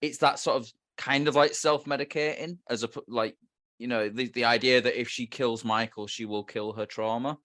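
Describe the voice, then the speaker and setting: A man's voice: medium pitch, fairly even intonation, normal speed, fairly bright tone. A man co-hosting a film podcast, talking in a loose, rambling way with many fillers. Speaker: podcast co-host. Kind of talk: casual film discussion.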